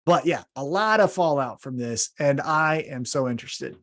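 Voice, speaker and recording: A man co-hosting a wrestling podcast, recapping matches in casual chat with animated storytelling and quick self-corrections. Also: medium pitch. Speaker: podcast co-host.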